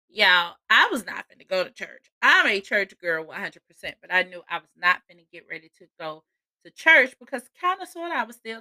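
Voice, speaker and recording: A woman's voice: medium pitch, bright, forceful tone, no echo. A young woman, hosting a casual personal podcast, chatty and often laughing as she talks to her listeners. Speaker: podcast host.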